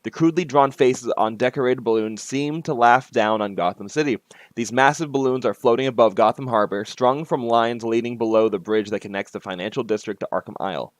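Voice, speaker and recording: A man's voice: mid-range voice, fairly quick, no echo. A man reading a game he made aloud, with casual asides and self-corrections. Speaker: game maker and narrator.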